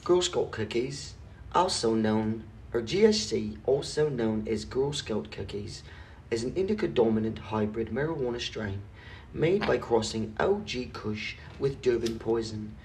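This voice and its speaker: A man's voice: mid-range voice, animated, measured pace, darkish tone. A young man in casual chat, laid back and joking with a friend. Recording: distant mic, faint hiss.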